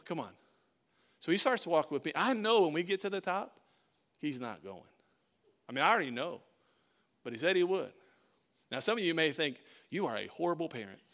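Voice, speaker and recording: A pastor preaching to his congregation in a high, bright voice. He tells a story with energy and acts out the voices in it. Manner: animated storytelling, acting out voices. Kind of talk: sermon.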